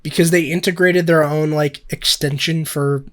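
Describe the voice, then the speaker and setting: A man's voice: fairly high pitch, fairly even intonation, normal speed. A young man co-hosting a podcast in casual chat, rambling and swearing with lots of fillers. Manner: rambling, profane, filler-heavy. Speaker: podcast co-host.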